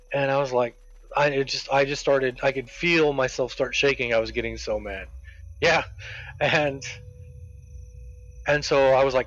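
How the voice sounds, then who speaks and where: A man casually telling a workplace story while streaming a game, quoting people with animated voices. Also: medium pitch, brisk. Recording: dull lo-fi with game music.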